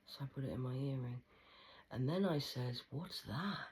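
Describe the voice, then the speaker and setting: A woman in a rambling monologue to camera, swearing often and swinging between loud outbursts and hushed whispers. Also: a bass voice, moderate pace, a little hiss or hum, poor audio.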